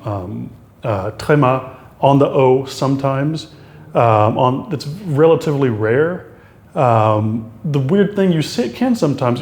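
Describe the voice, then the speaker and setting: Halting man teaching French accents. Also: mid-range voice, a little mellow, echoey room. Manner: halting, many fillers and restarts. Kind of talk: explaining French accent marks.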